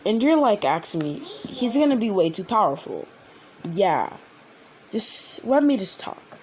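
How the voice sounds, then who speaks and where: A man hosting his own channel, telling a fan-made story in a rambling, halting way with many restarts. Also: sits high, big pitch swings, a little hiss or hum, rough recording. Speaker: channel host. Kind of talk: casual fan-fiction storytelling.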